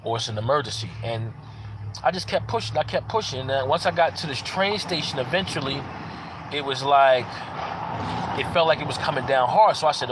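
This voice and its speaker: A man's voice: medium pitch, a little fast, noisy background. A man giving a casual personal testimony in an earnest way, repeating phrases for emphasis. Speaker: parent sharing a personal testimony.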